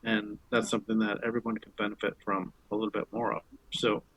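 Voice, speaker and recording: A man co-hosting a podcast, speaking in a measured way as he pulls a casual group discussion back to its theme. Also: fairly low pitch, level tone, a bit bright, no room sound, low-quality recording. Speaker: podcast co-host.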